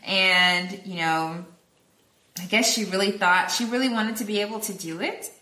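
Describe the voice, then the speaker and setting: A woman's voice: mid-range voice, moderate pace, pushed and bright. A woman co-hosting a podcast, recapping a film plot casually in a rambling way, full of fillers and acted-out quotes. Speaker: podcast co-host. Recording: echoey room.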